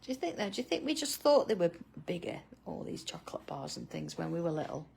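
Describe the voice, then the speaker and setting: Gravelly chatty woman. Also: on the low side, big pitch swings, fast, darkish tone. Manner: chatty, laughs often, answers viewers by name. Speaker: art tutorial host. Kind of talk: chatty live drawing tutorial.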